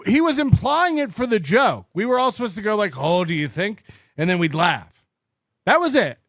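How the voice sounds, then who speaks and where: A man's voice: sits high, sing-song, normal speed, a bit bright, dry recording, studio quality. A man co-hosting a podcast, talking in a sarcastic, mocking way and laughing often. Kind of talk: casual podcast commentary.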